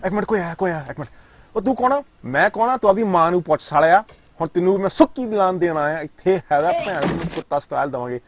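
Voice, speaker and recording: A man voicing a hot-tempered, foul-mouthed man in speech, ranting fast. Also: high voice, expressive, no room sound, voice pushed up. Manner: rapid-fire abusive ranting.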